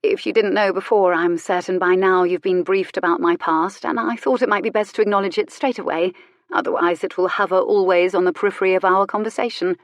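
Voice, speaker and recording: A woman's voice: medium pitch, steady tone, brisk, no echo, natural voice. A woman voicing a witty, flirtatious disgraced countess who speaks with tart, sweet irony. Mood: arch. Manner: arch, sweetly ironic, tart.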